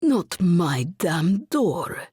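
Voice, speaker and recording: A woman's voice: fairly low pitch, sing-song, drawn-out words, warm tone, slight background noise, full character voice. A woman voicing a drunk man who slurs and grumbles curses at a door that won't open. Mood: drunk grumbling. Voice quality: slurred, grumbling.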